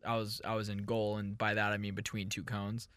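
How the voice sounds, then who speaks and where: A man's voice: on the low side, completely flat delivery, brisk, fairly bright tone, dry recording, studio quality. A young man co-hosting a podcast, telling rambling, jokey stories in casual chat. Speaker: podcast co-host.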